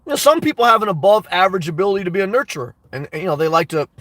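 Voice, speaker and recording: A man's voice: sits high, big pitch swings, rapid-fire, fairly bright tone, no echo, distant mic. A man hosting a casual live stream, answering viewer comments in an emphatic way that repeats his points and breaks into laughter between remarks. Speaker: YouTube host answering live chat.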